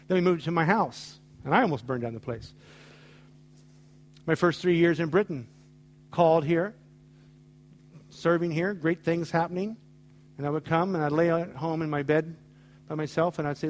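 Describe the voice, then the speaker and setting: Pausing often, this middle-aged pastor from the United States talks at a moderate pace in a fairly high voice. His emphatic sermon is built on stories with dialogue he acts out.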